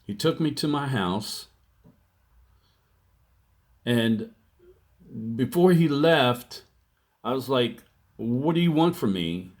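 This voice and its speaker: Slow-talking older man telling his story. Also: mid-range voice, expressive. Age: 60s. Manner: plainspoken, slow storytelling with re-enacted quotes. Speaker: testimony speaker. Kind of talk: personal testimony, storytelling.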